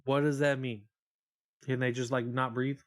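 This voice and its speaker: A man's voice: mid-range voice, little pitch movement, normal speed. A man live-streaming a video game, chatting casually with viewers in a profane, rambling, joking way.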